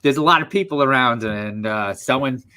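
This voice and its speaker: A man's voice: mid-range voice, moderate pace, sharp tone. A man co-hosting a casual podcast, teasing the guest with ribbing questions. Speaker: podcast co-host.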